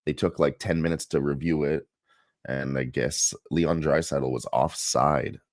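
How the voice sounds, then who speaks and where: A man co-hosting a live sports betting stream, low-key and laid-back, swearing casually. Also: steady tone, a little slow, no room sound, clean studio sound.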